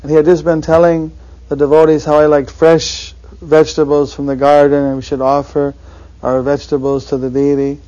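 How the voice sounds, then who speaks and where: A man recounting anecdotes in a reminiscing interview, halting and full of fillers. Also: on the high side, completely flat delivery, warm tone, muffled recording. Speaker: devotee recalling his teacher.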